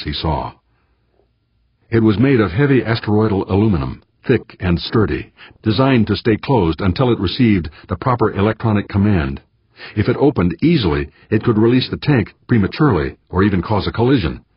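A man reading an audiobook in a measured, steady manner. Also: on the low side, breathy edge, dry recording, dull audio. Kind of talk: audiobook narration.

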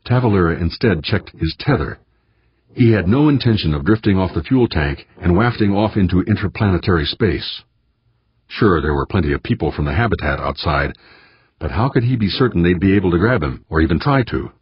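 A man reading an audiobook in a measured, steady manner. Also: low voice, husky, dry recording, highs cut off. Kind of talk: audiobook narration.

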